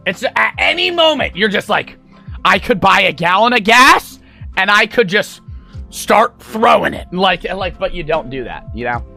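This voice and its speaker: A man's voice: high voice, very animated, normal speed, creaky, bright, forceful tone, faint music behind. A young man streaming, telling a rambling, profane story to his chat. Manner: rambling, profane, full of fillers.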